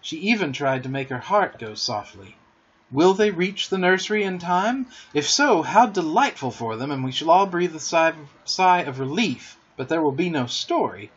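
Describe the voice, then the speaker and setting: Male storyteller-host, gentle, expressive read-aloud; husky, slightly high voice. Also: normal speed, lo-fi sound. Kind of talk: storybook reading.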